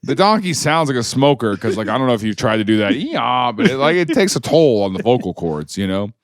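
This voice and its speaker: A man trading wry jokes in casual podcast chat, his voice mid-pitched. The sound is close and dry, with no room around it. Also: sing-song, fast, no echo. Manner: joking, wry asides. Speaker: podcast co-host.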